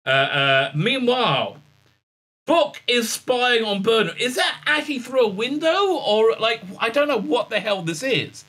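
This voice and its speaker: A man's voice: very high voice, sing-song, unhurried, bright, forceful tone. A man hosting a casual review vlog, sarcastic and mocking, rambling with many fillers. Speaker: show host and reviewer.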